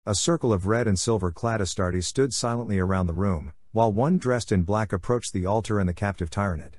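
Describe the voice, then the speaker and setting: Guy reading a story out loud, low voice, steady, dry close mic. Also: fairly quick, no room sound. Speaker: narrator. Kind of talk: audiobook narration of fan fiction.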